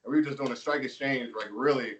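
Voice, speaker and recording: A man in a casual interview, talking about his matches in a loose, rambling way, laughing often. He sits a little back from the microphone, so the voice carries some distance. His pitch is mid-range. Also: fast, fairly bright tone. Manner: laid-back storytelling, laughs often, filler words. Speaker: pro wrestler guest.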